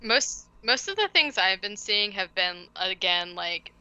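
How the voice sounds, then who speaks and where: A woman co-hosting a podcast chats loosely and casually, her mid-range voice lively in intonation, sharp yet smooth, and a little slow. She uses many fillers and laughs frequently, and the audio sounds dull.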